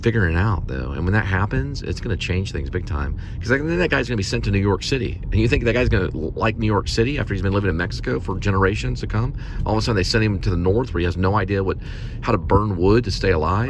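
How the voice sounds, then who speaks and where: Low-voiced joking man in a car. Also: quick pace, background noise. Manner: joking, deadpan asides, frequent self-corrections. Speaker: vlog host. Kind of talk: rambling comedic monologue while driving.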